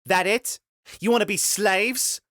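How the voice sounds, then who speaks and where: A foul-mouthed young woman fighter roars in a raised, strained voice, as a male narrator puts her on. Her shouting is rough and scornful, and the recording is close and dry. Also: high-pitched, measured pace, dry recording, voice pushed up.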